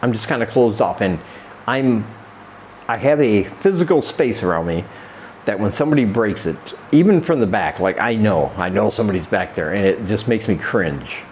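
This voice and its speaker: A man hosting a comedy podcast rambles through a crude monologue, acting out quoted voices in a raised pitch. His voice is expressive and a little mellow at a normal speed, and the lo-fi recording carries a bit of hiss or hum.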